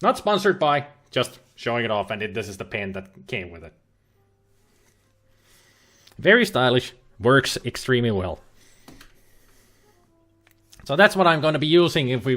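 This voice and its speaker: A male game streamer talking casually and loosely, with fillers and restarts as he plays. His voice is mid-pitched and moves expressively, with plenty of rise and fall. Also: a bit bright. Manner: chatty, rambling, with frequent fillers and restarts. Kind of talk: casual livestream commentary. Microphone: webcam and laptop setup.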